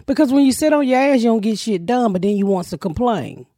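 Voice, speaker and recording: A woman's voice: a little high, animated, quick pace, mellow, no room sound, clean studio sound. A woman with a Georgia Southern accent hosting a podcast, telling stories bluntly and profanely and laughing often. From Georgia, USA. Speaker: podcast host. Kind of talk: casual comedic storytelling.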